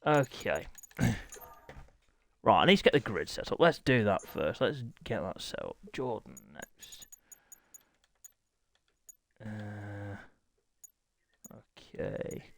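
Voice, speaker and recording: A man's voice: lowish voice, sing-song, takes it slowly, creaky, pauses often, a bit bright. A young man streaming a racing league, talking to chat while he fumbles with setup, harried and apologetic. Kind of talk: live-stream chat to viewers.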